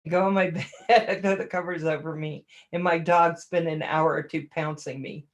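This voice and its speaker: A woman's voice: deep voice, steady tone, moderate pace. Chatty, laughing woman livestreamer. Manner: chatty and self-deprecating, laughs often; greets viewers by name. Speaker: livestream host reading chat. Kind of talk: casual livestream chat.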